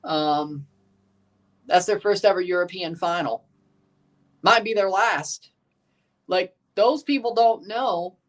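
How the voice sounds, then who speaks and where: A man's voice: high voice, slow, pauses often, a bit bright. Rambling, chatty male streamer. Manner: chatty, rambling, answers chat, laughs at himself. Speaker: streamer hosting a match watchalong. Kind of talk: casual live reaction commentary.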